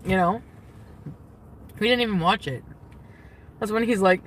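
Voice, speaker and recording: A woman's voice: medium pitch, measured pace, long pauses, a little hiss or hum. Rambling woman influencer chatting on stream. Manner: rambling, filler-heavy, trailing off; blunt and profane. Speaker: social media influencer. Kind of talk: casual livestream chat answering viewer questions.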